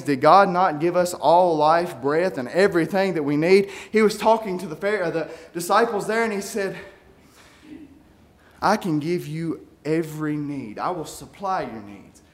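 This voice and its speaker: A man preaching a sermon, reading scripture aloud and swinging from quiet musing to shouted peaks. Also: on the high side, moderate pace. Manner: reads scripture aloud in King James wording.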